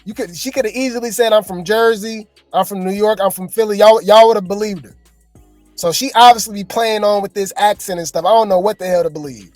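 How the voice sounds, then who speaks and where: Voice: mid-range voice, brisk, no echo, faint music behind. A host giving casual, slangy reaction commentary, chatting and joking with viewers.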